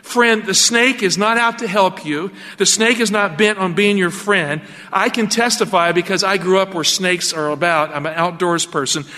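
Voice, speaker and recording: A man preaching a radio sermon in an animated, emphatic way, asking his listeners rhetorical questions. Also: sits high, moderate pace, hardly any pauses, long reverb tail.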